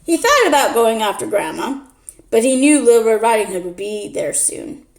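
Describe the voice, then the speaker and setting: A woman's voice: a little high, sing-song. A woman telling a story in a playful, casual way and hosting her own channel. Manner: slow, playful narration. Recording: echoey room.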